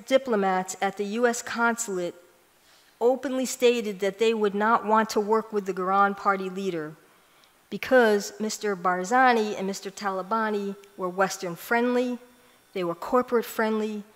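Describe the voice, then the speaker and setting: Woman, conference speaker, earnest storytelling, mid-pitched, long hall reverb. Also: moderate pace. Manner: earnest storytelling, emphatic on key lines. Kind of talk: prepared talk recounting personal experience. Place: large church hall.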